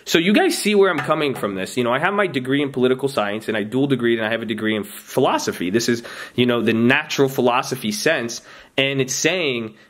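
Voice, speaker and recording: A man's voice: medium pitch, fast, fairly bright tone. A man hosting a trading channel, giving a casual motivational talk to his viewers. He rambles, often restarts his sentences and keeps turning to them directly.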